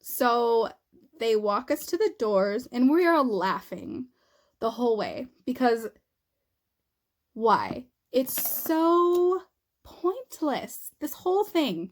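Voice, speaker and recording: A woman's voice: on the high side, slow. A young woman vlogger chatting through a funny story while doing her makeup, acting out what people said and laughing often. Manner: animated, laughing, acts out quotes. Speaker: beauty vlogger.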